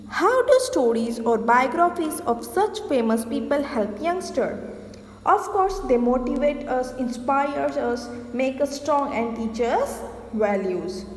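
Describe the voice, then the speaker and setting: A woman teacher giving a classroom lesson, explaining points, asking questions and answering them herself. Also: high-pitched. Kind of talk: classroom lesson mixing English and Hindi. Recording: echoey room with long reverb.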